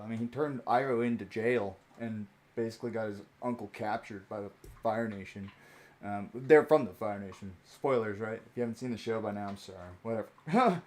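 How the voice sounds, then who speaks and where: Chatty, rambling young man opening cards. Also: mid-range voice. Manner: rambling, chatty, many fillers and chuckles. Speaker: card-opening streamer. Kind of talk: casual pack-opening commentary.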